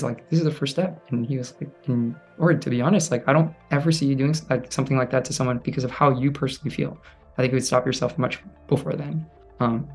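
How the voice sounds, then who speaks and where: A man's voice: mid-range voice, vocal fry. A young man in his twenties recounting a personal experience, acting out what people said with many fillers. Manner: animated, acts out quoted voices with fillers. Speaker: guest telling his story. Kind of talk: personal storytelling to camera.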